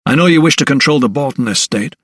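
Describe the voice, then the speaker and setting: A young doctor with a quick temper, voiced by a male narrator, presses his questions in heated, indignant bursts. The voice stays middle-pitched and dry, close to the mic. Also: animated, a bit bright, no echo.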